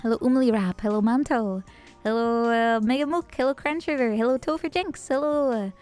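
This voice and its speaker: Woman, streamer, bubbly and giggly, casual chat, slightly high voice, faint background music. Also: a little fast, a little mellow. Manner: bubbly, laughs often, greets chat by name.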